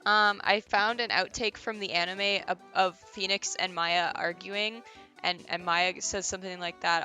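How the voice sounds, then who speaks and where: A woman's voice: on the low side, fairly even intonation, normal speed, pushed and bright, soft background music. A woman streaming a game, chatting casually and giggling as she answers chat.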